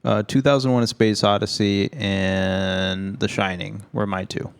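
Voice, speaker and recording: A man's voice: lowish voice, flat delivery, a little slow, creaky, clean tone. A man co-hosting a casual film podcast, loose and joking, swearing freely as he talks. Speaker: podcast co-host.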